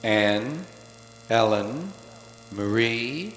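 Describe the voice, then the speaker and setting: A man doing a live stand-up routine, profane and sardonic, with rapid-fire wordplay, on a theater stage before an audience. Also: medium pitch, lively intonation, a bit bright. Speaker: stand-up comedian. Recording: echoey live soundboard tape with faint hiss.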